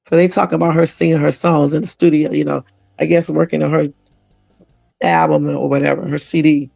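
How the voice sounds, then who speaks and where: A man hosts a casual livestream reaction at his desktop computer. His voice sits a little high with a gravelly rasp, and he talks loosely and swears freely. The sound is dry and close. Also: flat delivery, fairly quick, darkish tone, dry recording, faint music behind. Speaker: livestream host.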